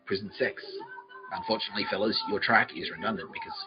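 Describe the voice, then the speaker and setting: A man's voice: on the low side, wildly swooping pitch, quick pace. A man hosting a podcast, telling a rambling comic story full of swearing, laughing often and mimicking other people. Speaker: podcast host. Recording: dull lo-fi sound, faint music behind.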